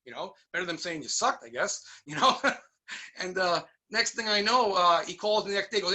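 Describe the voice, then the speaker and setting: A middle-aged man from New York telling stories in a casual interview, animated and acting out the voices of people he quotes. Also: high voice, normal speed. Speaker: guest musician.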